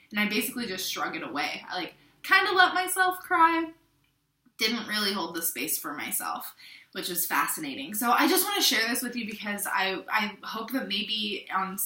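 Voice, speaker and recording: A woman's voice: on the low side, reverberant. A young adult woman from the Pacific Northwest, talking candidly and reflectively to her channel's viewers, with frequent restarts. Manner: candid, rambling, with frequent restarts and soft asides. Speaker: vlogger. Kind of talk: casual reflective talk to camera.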